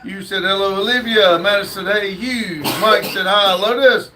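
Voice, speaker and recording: A man's voice: high-pitched, fairly even intonation, moderate pace, noisy background. A man hosting a casual livestream, reading viewer comments aloud with lots of fillers. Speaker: livestream host reading chat.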